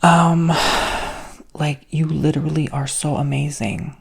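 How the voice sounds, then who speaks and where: In a sassy, whispered ASMR spiritual talk, a flamboyant host and reader drops casual swears. His heavily gravelly voice carries a husky, breathy edge, shifting between soft whisper and low, airy speech, with a flat, unhurried delivery.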